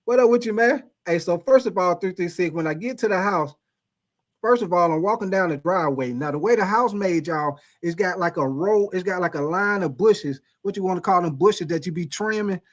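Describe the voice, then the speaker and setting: A man's voice: sits high, fairly quick. A man telling a funny personal story to his live stream chat, repeating himself and laughing often.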